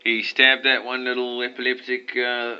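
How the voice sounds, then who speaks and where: Deadpan guy tossing dry lines in a skit, super bright sharp voice, muffled camera audio. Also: medium pitch, normal speed, clean tone. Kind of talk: improvised comedy skit. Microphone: video camera. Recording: muffled lo-fi home video recording.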